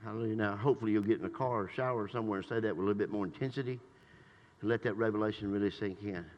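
An older man preaching a sermon in a church. He swings between shouted praise and low, conversational asides. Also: steady tone, racing, highs cut off. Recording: long reverb in a church hall.

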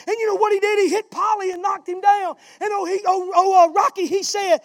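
A pastor delivering a fiery sermon in a strikingly high, dry voice, recorded close with no room echo. He builds his points into passionate, shouted refrains. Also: fairly even intonation, quick pace, hardly any pauses. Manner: southern-style preaching, swells into shouting.

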